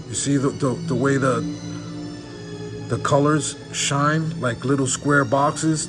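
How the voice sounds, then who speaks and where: Awestruck man unboxing cards, slow talker. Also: mid-range voice. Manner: awestruck, repeating exclamations. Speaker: card collector opening packs. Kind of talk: excited unboxing commentary. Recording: background music.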